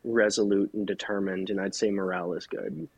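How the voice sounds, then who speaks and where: A man's voice: on the low side, little pitch movement, fairly quick, no echo, poor audio. A man from the United States, a freelance journalist and podcast guest, speaking candidly and thinking aloud with restarts. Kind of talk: casual podcast conversation.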